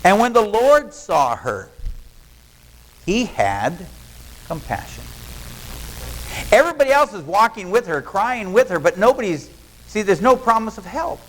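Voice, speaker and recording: A man's voice: sits high, sing-song, a little slow, long pauses, slight background noise, poor audio. A male pastor, preaching a sermon in a folksy storytelling way and acting out what people in the story say. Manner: folksy storytelling, acts out quoted lines.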